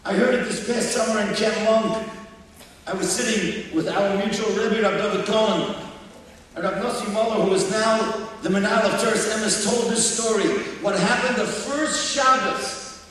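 High-voiced man preaching in an echoey hall. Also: normal speed. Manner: animated, acts out quotes and breaks into song. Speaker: rabbi giving a talk. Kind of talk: storytelling sermon. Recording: echoey hall, distant mic, faint ambience.

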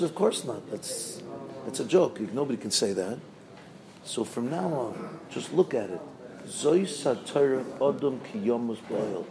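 A man's voice: mid-range voice, animated, measured pace, a crowd in the background, poor audio. A male rabbi giving a sermon, telling stories animatedly and chanting repeated verses.

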